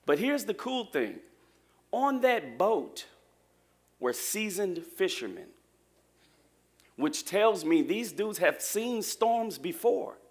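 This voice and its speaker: Male preacher, higher voice, animated and joking with the church. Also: takes it slowly, pauses often. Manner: lively, joking preacher talking to the congregation. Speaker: pastor. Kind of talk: sermon.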